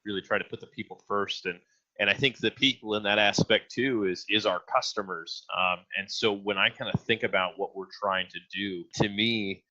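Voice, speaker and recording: A man's voice: lowish voice, bright, forceful tone. A man who trains teams talking casually on a podcast, addressing the listeners directly. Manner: conversational, restarts and direct asides to listeners. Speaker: agile trainer and podcast co-host. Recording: dull lo-fi audio.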